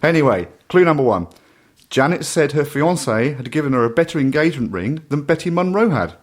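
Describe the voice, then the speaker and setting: A man's voice: a little high, sing-song. A man co-hosting a radio show, teasing listeners as he presents a quiz in a playful showman manner. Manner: playful showman, teasing with drawn-out build-ups. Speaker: co-host running a quiz segment. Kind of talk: casual chat.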